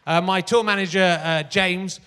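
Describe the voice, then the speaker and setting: This comedy host has a high, clean, pushed and bright voice with fairly even intonation at a moderate pace. Chatting stand-up style to a live crowd in a big, reverberant theatre, he rambles, pokes fun at himself, and leans on lots of fillers and restarts.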